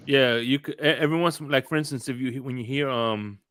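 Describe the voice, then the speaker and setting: A man's voice: medium pitch, a bit bright, no room sound. Man, podcast host, joking banter, stops and restarts a lot, dry close mic. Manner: halting, restarts words, joking. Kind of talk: casual sports talk.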